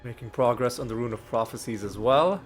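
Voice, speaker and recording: Let's play host, male, sick with a cold, hesitant thinking-aloud delivery over soft game music. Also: mid-range voice, brisk. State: ill with a cold, occasional coughs. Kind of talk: casual gameplay commentary. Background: faint game music.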